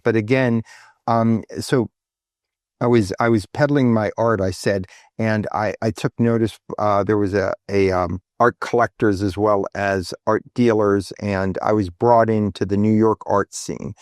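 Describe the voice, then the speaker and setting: A man in his fifties, a guest in a casual interview, telling stories in a halting way with many fillers and restarts. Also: dry recording, clean studio sound. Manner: animated, acts out quoted speech with lifted pitch. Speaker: guest artist.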